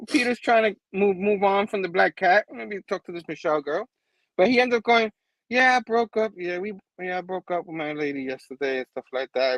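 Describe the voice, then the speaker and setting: High-voiced man recapping with quick laughs. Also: fairly bright tone, dry recording, low-quality recording. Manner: laughs often, acts out characters in quick voices. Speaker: comic book reviewer. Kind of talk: casual animated recap.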